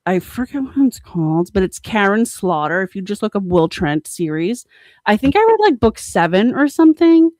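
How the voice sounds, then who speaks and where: A young woman co-hosting a podcast, chatting casually with lots of fillers and excited bursts. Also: mid-range voice, moderate pace, dry recording. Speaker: podcast co-host. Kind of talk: casual chat.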